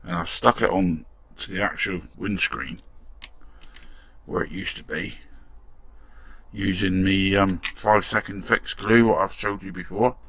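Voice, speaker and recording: A man's voice: low voice, measured pace, fairly bright tone, no echo. A man chatting casually as he restores a toy car, muttering to himself with the odd mild swear. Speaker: model restoration vlogger. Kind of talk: casual workshop commentary.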